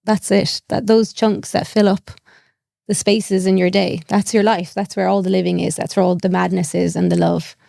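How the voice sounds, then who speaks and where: A woman's voice: medium pitch, flat delivery, moderate pace, vocal fry, mellow, no echo, clean studio sound. A young Irish woman, a comedian, telling a personal story candidly and animatedly, acting out the voices of people she quotes and laughing often. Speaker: comedian, guest.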